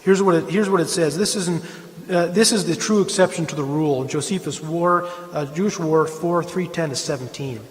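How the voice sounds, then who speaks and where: A man's voice: fairly high pitch, a little fast, in a large hall. A man giving an impassioned, emphatic lecture in a church, often restarting his sentences. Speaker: speaker.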